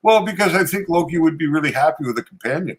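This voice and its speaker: A man co-hosting a casual chat, easygoing and quick to laugh. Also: a little high, lively intonation, slightly rough. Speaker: podcast co-host.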